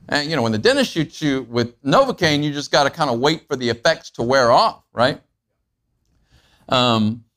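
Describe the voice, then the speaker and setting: A man preaching a sermon in a conversational way, asking his listeners questions and acting out everyday moments. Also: normal speed. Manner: acts out everyday moments with animated pitch jumps. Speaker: pastor.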